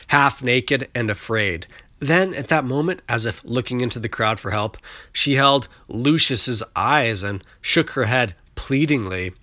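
A man narrating a novel in a measured, steady reading voice, sometimes catching himself and restarting a word. His tone is bright and forceful, and the recording is dry and close. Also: medium pitch, no echo. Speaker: audiobook reader. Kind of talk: scripted narration.

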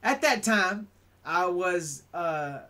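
A man hosting a podcast, telling a story in a casual, animated way and tagging "right?" onto his lines. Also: high voice, slow pace. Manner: animated, acts out quotes, keeps adding "right?". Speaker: podcast host.

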